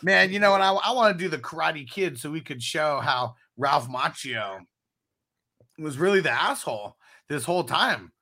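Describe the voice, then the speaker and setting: A man with a bright, forward tone and a lively, bouncing pitch, chatting casually as a podcast co-host. He is easygoing and quick to agree. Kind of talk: casual chat.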